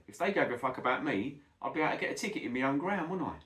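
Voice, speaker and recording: A man's voice: medium pitch, lively intonation, very fast, fairly bright tone. A middle-aged man, ranting bluntly and swearing a lot in a casual monologue, calling the listener "mate". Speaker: football vlogger. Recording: echoey room.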